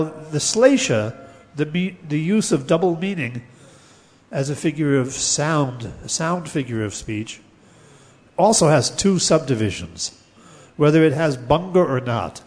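A man teaching a lecture on poetics, explaining terms step by step and chanting verses slowly. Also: on the high side, long reverb tail.

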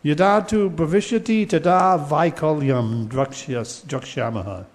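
This man's voice sits on the high side and moves a little slowly as he teaches Sanskrit poetics. Patient in his explanations, he occasionally chants Sanskrit verses and often begins sentences over with fillers. It's a classroom lecture captured with long hall reverb.

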